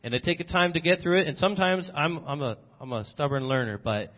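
A man's voice: on the high side, expressive, fast. A man preaching an earnest, personal sermon as a visiting missionary, often restarting his sentences. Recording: dull lo-fi sermon recording.

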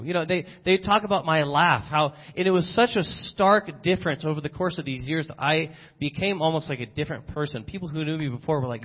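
A man's voice: on the high side, fast, breathy edge. A man preaching an earnest, personal sermon as a visiting missionary, often restarting his sentences. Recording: dull lo-fi sermon recording.

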